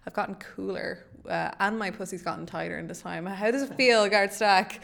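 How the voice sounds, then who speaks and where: A woman's voice: mid-range voice, moderate pace, gravelly, fairly bright tone. A woman with an Irish accent co-hosting a podcast, giggly and bawdy in casual chat. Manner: giggly, bawdy, self-mocking. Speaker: podcast co-host.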